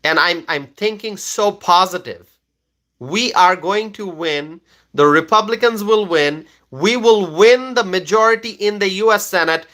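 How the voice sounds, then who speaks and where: A man's voice: high voice, unhurried, fairly bright tone. A man hosting a political livestream and reading out viewer comments. He is emphatic, repeats himself, and keeps checking in with "okay?".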